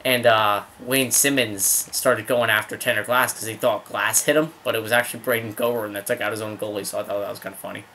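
A young man casually commentating his own hockey video game, rambling between excited outbursts at the plays. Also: on the low side, brisk, hardly any pauses, slight background noise. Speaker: gaming video host.

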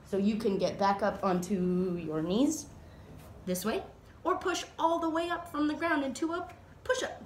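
A woman teacher guiding children through a slow, playful yoga flow with animal sounds, recorded at home. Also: fairly high pitch, echoey room, slight background noise. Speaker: Montessori teacher leading kids' yoga. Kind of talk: gentle guided yoga instruction for children. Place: at home, dog nearby.

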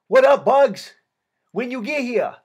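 A man putting on a loud Vietnamese gang leader. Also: high voice, expressive, moderate pace, slightly rough, muffled recording, pitched above the performer's own voice. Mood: friendly, shouting. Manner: broken English, called out loudly across a room. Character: tough male Vietnamese prison gang leader.

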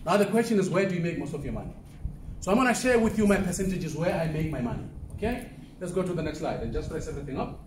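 A man's voice: on the high side, animated, quick pace, distant mic, a little hiss or hum. A man from southern Africa giving a motivational business talk to a live audience, conversational and often asking the room questions. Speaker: keynote speaker. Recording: echoey room from off-mic.

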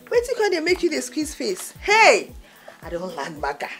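A woman's voice: high voice, wildly swooping pitch, moderate pace, fairly bright tone, heavily acted. An actress playing a scheming young woman who teases in Nigerian Pidgin, with film music behind. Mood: teasing scheming. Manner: playful, teasing Pidgin.

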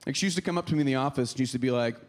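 A man's voice: mid-range voice, very fast. A man from Pittsburgh doing a wry, self-mocking stand-up set on a comedy club stage into a handheld mic. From Pittsburgh, Pennsylvania.

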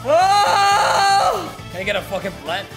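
A young man casually commentating his video game stream, excitable, swearing and laughing often. His voice is very high and bright, with an animated lilt. He speaks in a slow, drawn-out pace. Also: soft background music.

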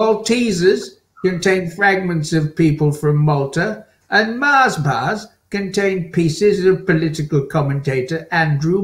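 A man improvising a grumbling pundit, delivering absurd complaints in a deadpan way. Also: sits high, echoey room. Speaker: improv performer playing a pundit. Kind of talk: improvised comedy.

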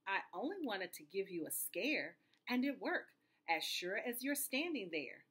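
A woman's voice: mid-range voice, very animated, a little slow, a bit bright, husky, exaggerated voice. A woman reading aloud, voicing a cheeky little gray male mouse who teases. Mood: teasing. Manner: teasing, playful.

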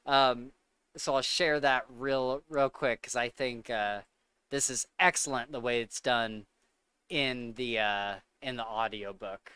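Bright, gushing male podcast host. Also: mid-range voice, steady tone, takes it slowly, smooth, dry recording. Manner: enthusiastic, gushing, filler-heavy. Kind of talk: casual chat.

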